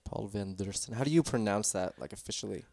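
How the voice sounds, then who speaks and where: A man's voice: on the low side, a little fast, creaky, mellow, dry recording. A man with an American accent hosting a casual podcast chat, playful and laughing often. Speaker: podcast host.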